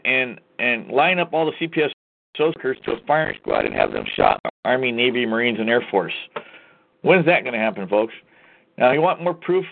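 A man's voice: medium pitch, animated, brisk. A man hosting a show, delivering an angry, profane, emphatic rant to his listeners. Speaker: host. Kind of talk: ranting call-to-action monologue. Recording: tinny phone-like line.

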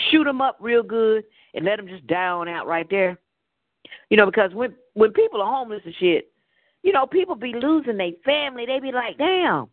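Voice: mid-range voice, dry recording. A call-in radio show host rambling through a casual monologue, blunt and profane in a storytelling way. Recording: dry, phone-like narrowband audio.

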